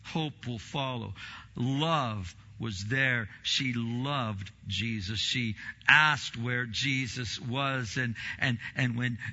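A man preaching a sermon, acting out quoted voices with big swings in pitch and loudness. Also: extremely slow, highs cut off. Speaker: pastor.

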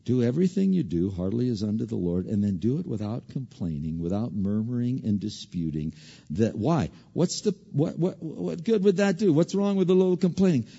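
A man preaching a sermon, animated, swinging from loud emphasis to hushed asides and often repeating words as he restarts. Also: medium pitch, fairly quick, gravelly, husky, in a large hall, dull audio.

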